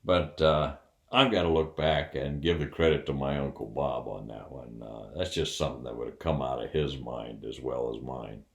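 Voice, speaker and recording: A man's voice: a bass voice, normal speed, reverberant, muffled recording. An older man casually telling a funny personal story, acting out the other people's voices and laughing along as he goes. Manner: folksy, laughs while telling.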